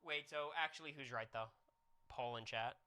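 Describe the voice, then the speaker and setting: A young man streaming, chatting casually with viewers and telling a jokey, animated story. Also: medium pitch, moderate pace, clear, resonant tone.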